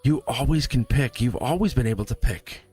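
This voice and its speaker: A man hosting a live tarot stream, talking straight to his viewers in an animated way and laughing often. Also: medium pitch, a little fast, breathy edge, soft background music.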